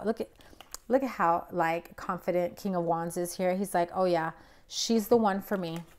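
A young woman giving a casual, blunt tarot reading to camera, emphatic and chatty with plenty of fillers. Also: lowish voice. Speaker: tarot reader.

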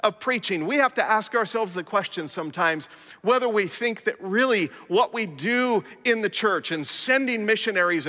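A man's voice: extremely high pitch, bright, forceful tone, big-room sound. A man preaching a sermon as pastor, impassioned, building force through repeated declarations.

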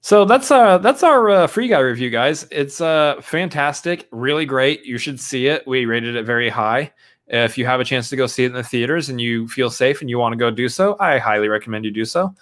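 Easygoing male podcast co-host. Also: medium pitch. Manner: relaxed, enthusiastic, drawn-out storytelling with fillers. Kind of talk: casual chat.

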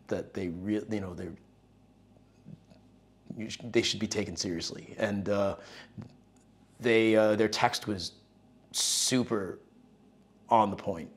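A musician telling stories in a casual interview, rambling and profane, with lots of fillers. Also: male voice, lowish voice, breathy edge. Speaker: musician guest.

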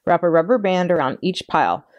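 A woman librarian reading a children's chapter book aloud in an expressive storytelling way. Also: fairly low pitch, brisk, lo-fi sound. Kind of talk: read-aloud storytime narration.

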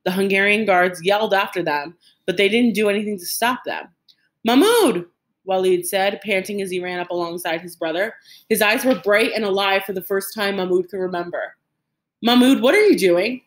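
A woman reading a novel aloud with steady, even narration and the occasional stumble and restart. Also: medium pitch, a little fast. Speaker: audiobook reader.

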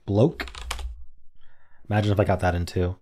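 A young man talks himself through daily word puzzles, muttering letter guesses under his breath. His voice sits a little low, and he slips into mock-dramatic groans at his own blunders. Keyboard typing clicks along behind him. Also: flat delivery, normal speed, warm tone. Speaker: word game streamer. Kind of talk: casual thinking aloud while playing.

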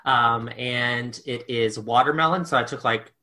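A man's voice: mid-range voice, measured pace, bright, forceful tone, faint music behind. A man co-hosting a podcast, chatting playfully and laughing a lot. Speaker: podcast co-host. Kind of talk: casual chat.

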